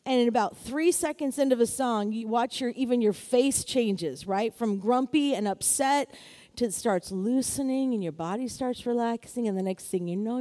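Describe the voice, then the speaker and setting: High-voiced lively woman preaching. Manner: lively, exclaiming, calls for amens. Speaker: pastor. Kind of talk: sermon.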